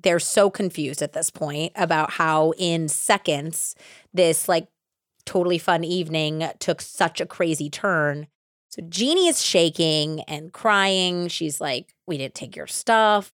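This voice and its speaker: A woman hosting a true crime podcast, casually retelling a case with animated acted-out quotes and lots of "like". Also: sits low, slow pace, no echo, studio quality. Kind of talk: casual storytelling.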